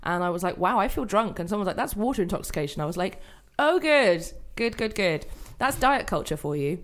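A woman's voice: fairly low pitch, expressive, quick pace. A woman chatting on a podcast, candid and talkative as she tells a personal story. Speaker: podcast guest. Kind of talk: casual comedy chat.

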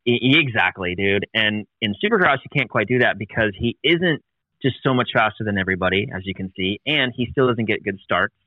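A man talking in a casual chat, rambling with many restarts and quick laughs. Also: fairly low pitch, lively intonation, no room sound, narrow, tinny audio.

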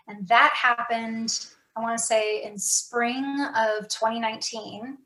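A woman's voice: a little high, steady tone, slow pace, bright, forceful tone, roomy sound, rough recording. A woman talking candidly and reflectively as an author guest in a casual podcast conversation, with many fillers and restarts.

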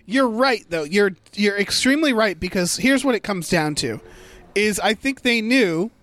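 A man's voice: sits high, lively intonation, normal speed, fairly bright tone. A man in a casual movie review chat, rambling and thinking aloud as he picks apart a plot.

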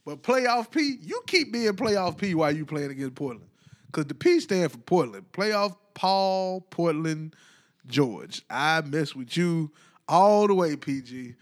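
A man giving casual, animated sports commentary, rambling and colloquial. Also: on the high side, unhurried. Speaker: basketball commentator.

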